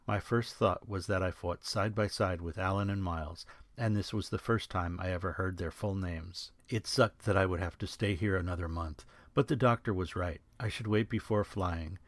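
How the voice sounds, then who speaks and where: A man's voice: low-pitched, normal speed, no echo. A man, the author, reading his own novel as first-person audiobook narration with a dry, sardonic manner, recorded on a studio microphone.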